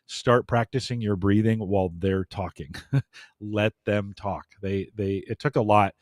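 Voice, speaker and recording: A man's voice: fairly low pitch, steady tone, unhurried, a little mellow, no echo, clean studio sound. A man in a casual podcast talk, giving earnest coaching advice to podcasters.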